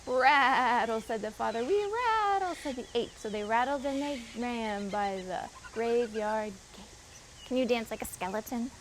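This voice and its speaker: A woman, a children's librarian, reading a picture book aloud at storytime with expressive voices and asides to the children. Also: a little high, moderate pace, a little hiss or hum, low-quality recording.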